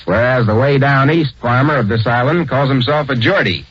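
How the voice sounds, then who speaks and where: A man's voice: medium pitch, normal speed, fairly bright tone, husky, no echo. A man narrating a 1940s radio program in a conversational, explanatory way, on a dull old recording.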